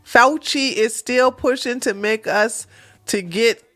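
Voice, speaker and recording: Slow, bright-voiced woman streamer. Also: a little high. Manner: animated, laughing often, sarcastic asides. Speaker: livestream host. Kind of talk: casual commentary reading chat.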